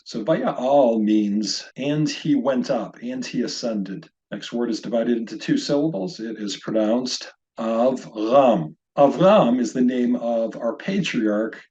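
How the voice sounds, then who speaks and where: A middle-aged man teaching Biblical Hebrew in an online lesson, carefully sounding out syllables and drilling pronunciation slowly. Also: on the low side, dark tone. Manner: slow, deliberate pronunciation drills. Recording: slightly dull lo-fi audio.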